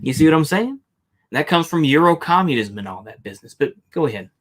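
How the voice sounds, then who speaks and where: A man's voice: a little high, sing-song, quick pace. A man hosting a reaction stream, talking in a sarcastic, argumentative, rambling way. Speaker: stream host reacting to a video. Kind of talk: casual commentary.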